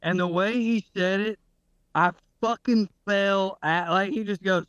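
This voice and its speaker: A man's voice: high voice, fairly even intonation, unhurried, a bit bright, clear, resonant tone, no room sound, muffled recording. A man co-hosting a podcast, chatting casually, swearing freely and acting out the people in his stories. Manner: storytelling, swears freely, puts on voices when quoting people. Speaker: podcast co-host. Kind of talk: casual chat.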